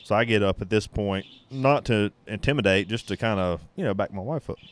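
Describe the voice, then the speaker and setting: A man's voice: on the low side, a little fast. A man hosting a podcast, telling a story in a blunt, rambling way with plenty of swearing. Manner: sips beer while talking. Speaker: podcast host. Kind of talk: casual storytelling.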